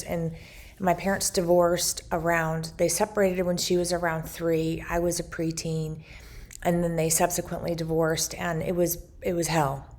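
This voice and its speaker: Woman vlogger, slow delivery with a gravelly edge, heartfelt testimony. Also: a little mellow. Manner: heartfelt, grows emotional and rising in pitch as she tells it. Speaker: vlogger sharing a faith journal. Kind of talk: personal testimony, storytelling.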